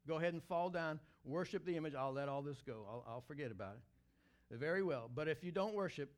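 A man voicing an arrogant, angry ancient king who threatens and mocks, pitched lower than his own voice. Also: brisk, lightly acted. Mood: threatening. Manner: boastful, mocking.

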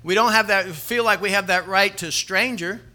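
Bright, high-voiced preaching man. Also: a little fast. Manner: earnest storytelling building to emphatic preaching. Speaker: pastor. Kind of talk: sermon.

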